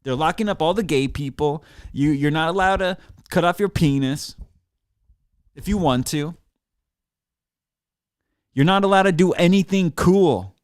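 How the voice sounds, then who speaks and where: A man's voice: on the high side, measured pace, long pauses, clear, resonant tone, no room sound. A man ranting at the listeners in a solo podcast, sarcastic and profane, talking into a desk mic in a small studio. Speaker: podcast host. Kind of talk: ranting monologue. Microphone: desk mic in front of a computer.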